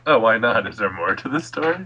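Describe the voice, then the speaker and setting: A man's voice: lowish voice, lively intonation, brisk, bright, forceful tone, slight background noise. A man hosting a casual chat, prodding with questions and joking asides. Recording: dull lo-fi sound.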